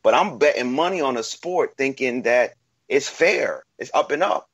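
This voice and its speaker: A man in a heated sports debate, arguing in a deliberate, emphatic way. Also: mid-range voice, animated, a bit bright, breathy edge, no echo. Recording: dull lo-fi dry sound.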